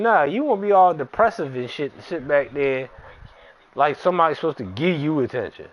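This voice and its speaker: A man's voice: on the high side, fairly quick, rough recording. A man streaming a baseball game, bluntly telling a profane story in casual talk. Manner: blunt, profane, animated retelling. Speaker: gaming streamer. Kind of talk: casual storytelling while playing.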